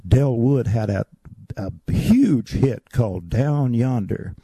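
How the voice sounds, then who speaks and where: An older man looks back on his childhood, his voice low in tone and gravelly with fry. He speaks dry and close, as an interview guest spinning stories. He slips into the voices of the people he remembers. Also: slow pace, warm tone, dry recording. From North Carolina. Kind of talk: storytelling interview.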